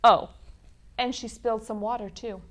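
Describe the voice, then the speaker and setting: A woman reading a children's picture book aloud at a library storytime, in an expressive storytelling manner. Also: on the high side, moderate pace.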